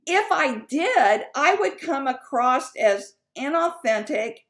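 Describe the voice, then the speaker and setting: A woman's voice: sits high, sing-song, slow pace, a bit bright. A woman sales coach teaching in a chatty, candid way, with fillers and asides. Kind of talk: casual teaching talk.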